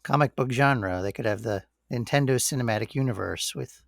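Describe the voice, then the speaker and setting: Guy chatting on a podcast, laid back, gravelly voice, dry close sound. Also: mid-range voice, brisk, dry recording. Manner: relaxed, rambling, says "like" and "you know" a lot. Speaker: podcast co-host. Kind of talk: casual chat.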